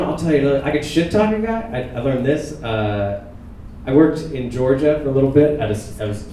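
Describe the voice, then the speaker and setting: Young male stand-up comic, deadpan and self-mocking; roomy, distant hall sound. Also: medium pitch, slight background noise. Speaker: stand-up comedian. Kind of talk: stand-up set. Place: theatre stage with live audience.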